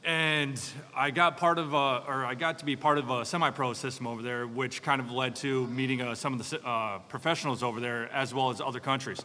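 A man's voice: mid-range voice, steady tone, bright, forceful tone, in a large hall. A man who is a guest hockey podcaster, talking casually with many fillers. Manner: halting, lots of fillers. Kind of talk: casual chat.

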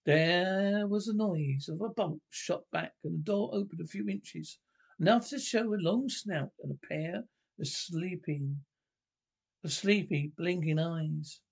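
A man reading a classic children's novel aloud, halting and correcting himself often. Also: high voice, creaky. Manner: halting, with frequent self-corrections. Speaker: narrator. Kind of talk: audiobook narration.

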